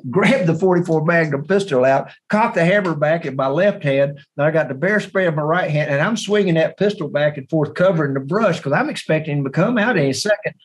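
A man who is a bowhunter, telling a hunting story as a podcast guest, animated and repeating words as he goes. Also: on the high side, rough recording. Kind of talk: hunting story told in an interview.

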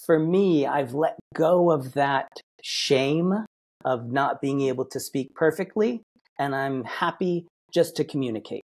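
A man's voice: medium pitch, a little slow, a little mellow, husky. A man from Massachusetts, a guest on a podcast, telling stories in a rambling, self-correcting way. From Massachusetts, United States. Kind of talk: casual interview chat.

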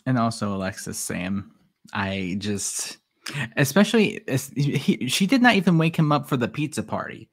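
A man's voice: medium pitch, big pitch swings, moderate pace. A man giving sarcastic, exasperated commentary while reacting to a livestream. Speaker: reaction streamer.

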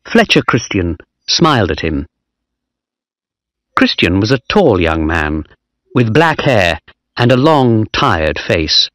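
A man narrating a storybook in a slow, clear reading voice. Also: lowish voice, very animated, fairly bright tone, dry recording, clean studio sound.

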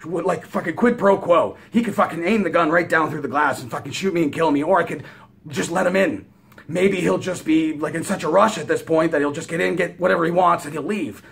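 A man's voice: a little high, brisk, vocal fry. A man casually telling a long, rambling story, swearing constantly and acting out every beat. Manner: profane, animated, rambling. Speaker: vlogger.

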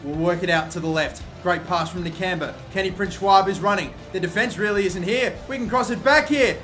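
A young man giving excitable play-by-play commentary on his own football video game, swearing often and breaking into loud shouts. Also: high-pitched, normal speed, soft background music. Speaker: gaming YouTuber.

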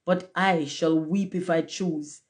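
A woman's voice: lowish voice, fairly even intonation, slow, a little mellow. A woman voicing a pompous, self-important male firework rocket in a storybook reading, haughty and self-pitying. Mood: indignant.

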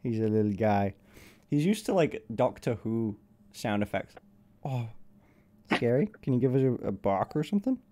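A man streaming live, chatting casually and cooing to his puppy in a high, doting voice. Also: sing-song, moderate pace, long pauses, warm tone. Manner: coos to a puppy in a high baby voice.

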